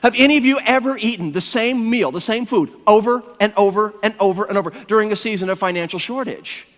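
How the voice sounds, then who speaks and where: Man, pastor, animated sermon, high voice, long church reverb. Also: quick pace. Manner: animated storytelling, addresses listeners as "my friends". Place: church sanctuary.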